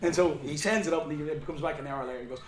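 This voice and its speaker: A man's voice: a little high, rapid-fire, a loud crowd. A man speaking at a question-and-answer session, telling stories casually, swearing freely and laughing as he talks. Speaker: guest speaker on animation. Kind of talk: anecdotal Q&A talk. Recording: roomy hall with faint ambience.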